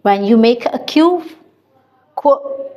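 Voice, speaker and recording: Young woman teacher, high voice, slow and sing-song, children's phonics lesson. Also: animated, highs cut off.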